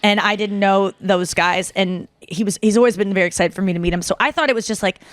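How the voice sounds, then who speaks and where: A woman in her thirties hosting a podcast, telling a long story in a casual, animated way, full of fillers and acted-out quotes. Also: mid-range voice, quick pace, dry recording. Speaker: podcast host.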